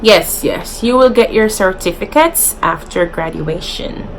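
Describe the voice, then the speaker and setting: A young woman with a Jamaican accent chats in a casual vlog. She talks at an unhurried pace and playfully drops into patois. Faint ambient noise sits behind her voice. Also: medium pitch, rough recording. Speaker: vlogger.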